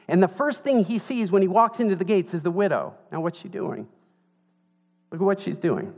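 A male preacher giving an animated, playful sermon and retelling a story with emphasis. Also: sits high, moderate pace, gravelly, long reverb tail.

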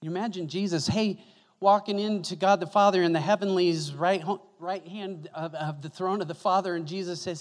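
A male pastor giving an animated, conversational sermon in a church, joking with the congregation. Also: sits high, normal speed, faint music behind. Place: church sanctuary. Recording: echoey church hall.

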